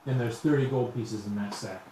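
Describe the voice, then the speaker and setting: A man running a tabletop game as game master, narrating scenes loosely with plenty of pauses and fillers. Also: mid-range voice. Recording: very echoey room, faint hum.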